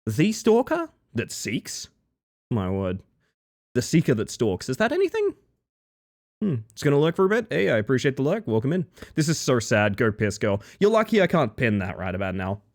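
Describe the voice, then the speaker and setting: A man's voice: medium pitch, sing-song, a little fast. A man streaming live, chatting casually and greeting his chat one by one with playful, jokey asides.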